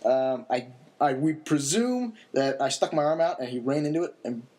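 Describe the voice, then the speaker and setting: A man's voice: mid-range voice, expressive, normal speed, darkish tone. Laid-back young man telling a story. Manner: laid-back, rambling with many fillers and chuckles. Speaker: podcast storyteller. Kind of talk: casual storytelling.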